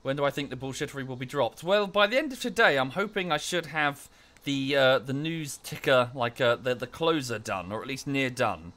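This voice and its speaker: A male streamer talking to his chat in a relaxed, rambling way, full of fillers and restarts. His voice sits at an ordinary male pitch with a bright, sharp edge. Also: moderate pace, few pauses. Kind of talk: casual live-stream chat.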